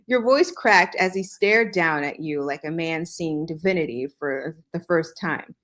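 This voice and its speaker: Woman podcast host, slow and low-pitched, reads dramatically with dry comic asides. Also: fairly bright tone. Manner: dry reading broken by joking asides and laughs. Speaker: podcast host reading fan fiction aloud. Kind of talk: comedic dramatic reading with asides.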